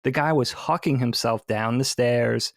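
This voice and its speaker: A gravelly-voiced man from the Philadelphia area tells an animated story with quick asides. He is recorded on a dry, close podcast mic. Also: medium pitch, no echo. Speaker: podcast co-host. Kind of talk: casual chat, storytelling.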